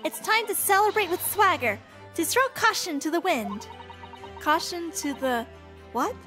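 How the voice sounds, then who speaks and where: A woman's voice: very high-pitched, animated, a little slow, sharp tone, faint music behind, full character voice. A woman voicing a cheerful, boastful young male defense lawyer in a game. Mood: cheeky.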